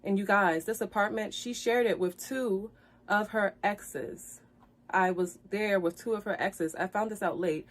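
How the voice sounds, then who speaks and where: A woman's voice: mid-range voice, a little slow. Woman vlogger, emotional storytime: earnest, apologetic, repetitive, building to heated indignation, on the edge of tears. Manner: earnest, apologetic, repeats herself, grows heated. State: tearful at times. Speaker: vlogger telling her side of a breakup.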